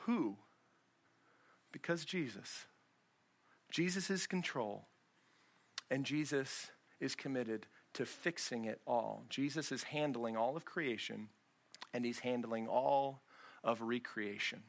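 A man's voice: medium pitch, takes it slowly, gravelly, pauses often. A man pastor preaching a sermon in a church, conversational and full of rhetorical questions.

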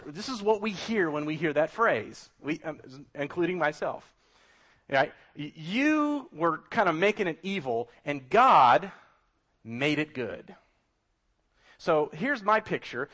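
A man's voice: fairly high pitch, a bit bright. A middle-aged man preaching a sermon as a pastor, emphatic and full of rhetorical questions.

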